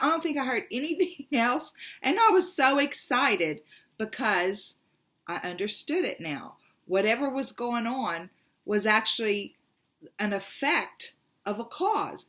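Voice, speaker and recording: Woman, tarot host, rambling personal story, animated, middle pitch. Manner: animated, rambling, acts out quoted voices.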